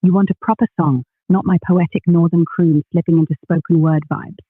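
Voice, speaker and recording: A man's voice: a little high, fairly even intonation, a little fast, breathy edge, no echo, phone-quality sound. A synthetic male voice with a Northern English accent, an AI co-host bantering in a cheeky, chummy way. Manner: chummy, cheeky, calls people mate. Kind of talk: casual banter.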